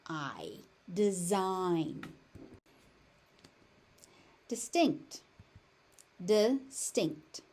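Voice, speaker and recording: American lady teaching word pronunciation, says each word a few times, nice and slow. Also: mid-range voice, darkish tone. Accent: General American. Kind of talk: pronunciation lesson with repeated words.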